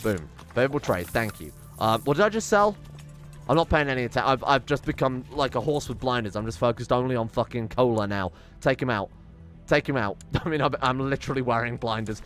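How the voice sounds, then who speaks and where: A young man commenting on his strategy game, excitable and sweary, muttering to himself as he plays. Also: mid-range voice, brisk, faint music behind. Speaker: gaming channel host. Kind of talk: let's play commentary.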